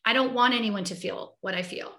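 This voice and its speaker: A woman with a bright, fairly high voice speaks heartfelt and reflective, often stopping and restarting her sentences. She is a podcast guest in a conversational interview. The recording has a noticeably echoey room sound. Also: brisk.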